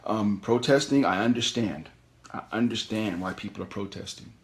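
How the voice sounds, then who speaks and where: A middle-aged man hosting a call-in show, giving animated, preachy career advice and repeating his key phrases. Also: fairly low pitch, moderate pace. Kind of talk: motivational career talk.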